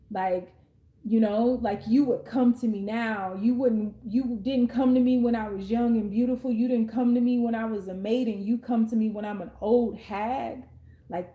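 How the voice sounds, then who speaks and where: A woman's voice: on the high side, dark tone. A woman in her thirties giving an intuitive tarot reading to the viewer, chatting along with frequent fillers and restarts. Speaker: tarot card reader. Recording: roomy echo.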